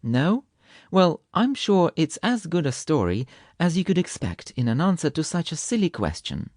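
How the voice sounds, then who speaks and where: A man's voice: fairly high pitch, very animated, moderate pace, darkish tone, dry recording, clean studio sound, voice pushed up. A man voicing a proud, touchy male kitten who spins a tall tale with fanciful, indignant flair. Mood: teasing, indignant.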